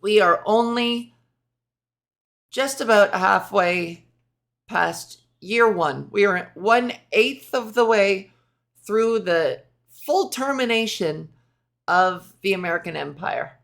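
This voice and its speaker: A woman hosts her own podcast in a loose solo rant, swearing freely and sliding into sarcasm. She talks at an unhurried pace. Her voice has a lot of vocal fry. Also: medium pitch, expressive, a bit bright. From Canada. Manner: profane, sarcastic, rambling. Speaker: podcast host.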